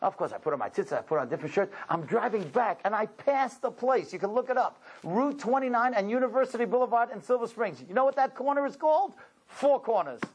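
A man's voice: very high-pitched, animated, quick pace, husky, poor audio. A man giving a storytelling talk to a congregation, exclaiming and asking rhetorical questions. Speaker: religious speaker.

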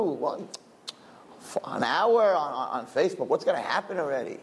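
A man's voice: on the high side, moderate pace. A middle-aged man giving a sermon as a rabbi, telling stories with jokes and acting out voices. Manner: animated, joking, acts out voices.

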